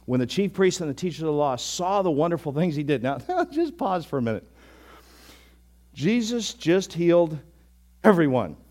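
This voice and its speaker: Animated preacher with a lively voice. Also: male voice, on the high side. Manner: conversational, animated, sudden bursts of emphasis. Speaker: pastor. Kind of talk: sermon.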